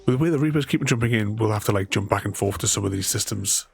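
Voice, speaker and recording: Man, gravelly voice, rambling live-stream chat, faint game music behind. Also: lowish voice, quick pace. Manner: rambling and chuckly, chatting with viewers. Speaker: gaming streamer. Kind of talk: casual live-stream commentary.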